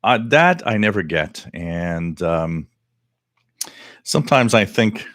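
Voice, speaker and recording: A man's voice: low-pitched, big pitch swings, slow pace, fairly bright tone, dry recording, clean studio sound. A middle-aged French Canadian man, French his first language, hosting a live radio hobby stream in casual, rambling chat with many fillers. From Quebec, Canada. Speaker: host.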